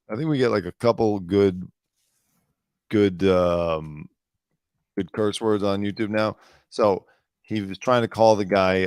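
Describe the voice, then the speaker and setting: Low smooth guy co-hosting, joking around, super dry close sound. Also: no room sound. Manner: easygoing, joking, cleans up his swearing. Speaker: co-host, former colleague. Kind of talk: casual chat.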